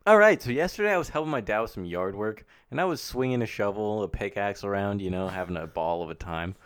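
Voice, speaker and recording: Young man, podcast co-host, low voice, smooth, rambling storyteller. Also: expressive, quick pace, no echo. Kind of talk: casual podcast chat.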